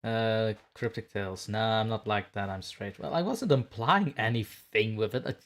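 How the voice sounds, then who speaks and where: A man's voice: fairly low pitch, moderate pace. A man hosting a casual livestream who reads viewer comments aloud and trades teasing banter, a little scatterbrained after just getting home. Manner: playful, teasing banter while reading chat aloud. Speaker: livestream host.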